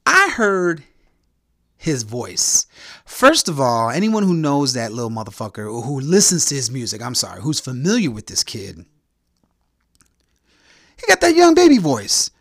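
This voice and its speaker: A man's voice: mid-range voice, big pitch swings, normal speed, creaky, pushed and bright, no room sound. Guy hosting his podcast, swearing a lot and blunt, voice swings up and down a bunch, dry close sound. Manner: blunt, profane and provocative. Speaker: podcast host. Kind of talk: casual solo rant.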